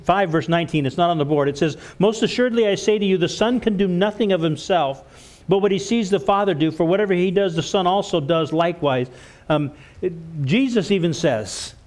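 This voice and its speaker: A man's voice: high voice, darkish tone. A man preaching a church sermon, earnest, stumbling over and repeating words as he goes. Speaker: pastor.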